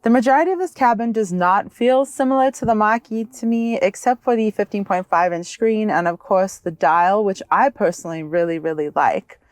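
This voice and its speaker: A woman co-hosting a car review vlog, chatting casually and excitedly, laughing easily, from inside a vehicle and beside it. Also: mid-range voice, normal speed, hardly any pauses, no room sound. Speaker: vlog co-host.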